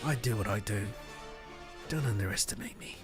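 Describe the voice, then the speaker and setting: A man voicing a boastful male alien crewman with a Northern English accent, gruff and bragging about working out. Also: on the low side, normal speed, music in the background, pitched below the performer's own voice, close to an everyday voice.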